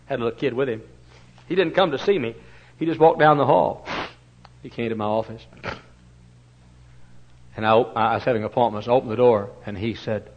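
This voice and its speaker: An older man preaching a sermon, swinging from loud impassioned cries to hushed, tender storytelling. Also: mid-range voice. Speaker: pastor. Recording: dull lo-fi sermon recording.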